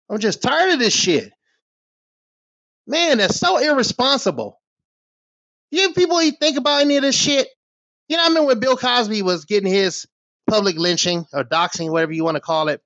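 A man's voice: high voice, fairly bright tone, no echo. Middle-aged man on a profane rant. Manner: heated, profane, scornful rant. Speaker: small channel creator. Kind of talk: ranting commentary vlog. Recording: dull, dry lo-fi recording.

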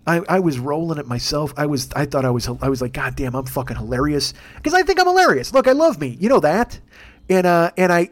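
A man hosting a comedic podcast, talking in a profane, rambling rant. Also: a little high. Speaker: podcast host.

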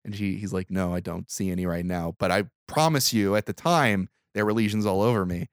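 A man with a low, smooth voice, speaking a little fast, runs through a movie on his podcast scene after scene in a relaxed recap. He performs the characters' lines and curses freely, and the recording is a clean studio sound without room sound.

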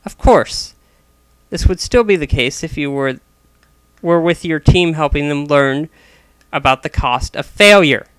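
A stubborn, gruff father in his sixties scolds bluntly and swears freely, as a male narrator puts him on. The voice is bright and clean, recorded dry and close for a storybook reading. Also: on the high side, measured pace, dry recording.

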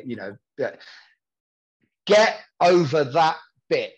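A man's voice: on the high side, big pitch swings, slow pace, husky. Rambling man on a dull recording. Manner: rambling, repeats himself, acts out quoted voices. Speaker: podcast guest in recovery. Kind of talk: candid conversational storytelling.

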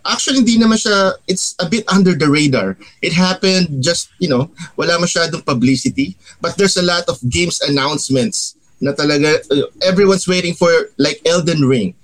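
A man with a Filipino accent co-hosting a casual podcast chat, relaxed and mixing English with Tagalog. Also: on the high side, brisk, hardly any pauses. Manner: relaxed, switching between English and Tagalog, with frequent laughs. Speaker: podcast co-host.

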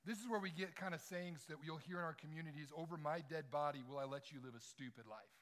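Animated middle-aged male preacher. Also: a little high, fast talker. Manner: animated storyteller, acts out quotes loudly. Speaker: campus ministry speaker. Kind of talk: sermon with personal stories. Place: large room with audience.

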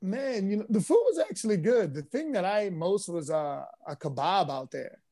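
A man's voice: high-pitched, moderate pace. Easygoing man telling stories. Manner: relaxed storyteller, easygoing with frequent fillers. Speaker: guest, former pro basketball player. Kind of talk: casual podcast interview.

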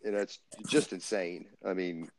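Blunt low-voiced male co-host. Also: steady tone, measured pace, darkish tone, a little hiss or hum. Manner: blunt, profane. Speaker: podcast co-host. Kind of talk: casual sports chat. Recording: dull lo-fi dry sound.

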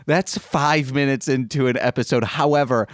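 A man's voice: mid-range voice, fairly even intonation, moderate pace, no room sound. A man co-hosting a podcast in casual chat, making dry, wry interjections and steering the talk back. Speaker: podcast co-host.

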